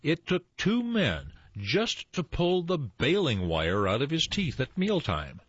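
A male co-host spins a folksy tall tale with a lot of up-and-down movement in his voice. His tone is a little husky. The recording sounds dull and dry. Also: fairly high pitch, slow, no echo. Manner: animated, expressive storyteller. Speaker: storyteller and co-host. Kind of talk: lively tall-tale storytelling.

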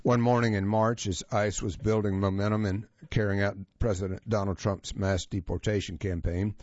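A man presenting a magazine feature as scripted narration, reading in a measured, even manner. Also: on the low side, no echo. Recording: dull, lo-fi, dry sound.

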